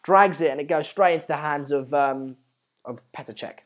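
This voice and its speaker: A man's voice: on the high side, moderate pace, a bit bright. Man, live-stream host, casual match commentary, rambling, lots of fillers, pushes subscriptions. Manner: chatty and rambling, with many fillers and restarts; repeatedly urges viewers to subscribe.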